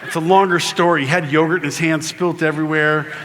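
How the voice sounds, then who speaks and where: This is a middle-aged man speaking onstage at a faith conference, his voice pitched a little high. He tells stories with comic timing and jumps into acted-out voices. Faint noise from the live room sits under him. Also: brisk. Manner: animated storyteller who acts out voices. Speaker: keynote speaker. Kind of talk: humorous faith talk to a live audience. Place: conference hall in Louisiana.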